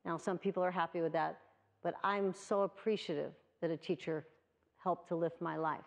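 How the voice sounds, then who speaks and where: A woman in her sixties delivers an earnest award speech and tells a personal story to an audience. Her voice is gravelly and sits a little low. She speaks with sincere conviction. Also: fairly even intonation, moderate pace. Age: 60s. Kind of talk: prepared speech.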